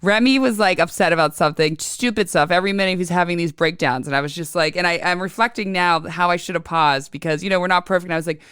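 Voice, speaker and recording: A woman's voice: on the low side, quick pace, hardly any pauses, fairly bright tone, smooth, no room sound, clean studio sound. Chatty woman hosting a podcast. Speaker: podcast host. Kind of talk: casual interview conversation.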